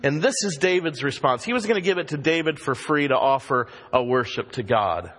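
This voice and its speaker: A man preaching a sermon as pastor, emphatic and animated, acting out the voices he quotes. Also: on the high side, fairly quick. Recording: long reverb of a hall.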